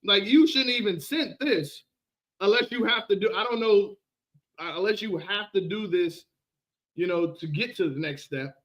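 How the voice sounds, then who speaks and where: High-voiced man ranting on a livestream. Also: normal speed. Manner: animated, repetitive, laughs often. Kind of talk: casual livestream rant.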